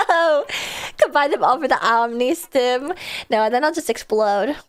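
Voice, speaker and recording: A woman streaming a video game, chatting excitedly and casually, swearing now and then. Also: sits high, a little slow. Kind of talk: casual gameplay livestream chat. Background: faint game music.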